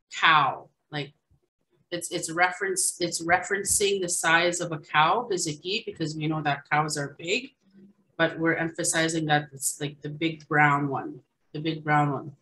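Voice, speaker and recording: A woman teaching a language lesson over a video call, repeating each word slowly and adding casual asides. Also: deep voice, a bit bright, a little hiss or hum, poor audio.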